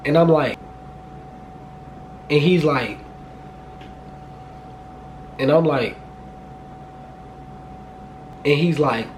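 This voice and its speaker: A man in his twenties telling a storytime vlog, animated and profane, jumping into high excited outbursts. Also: extremely slow, pauses often, slight background noise. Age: 20s. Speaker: vlogger.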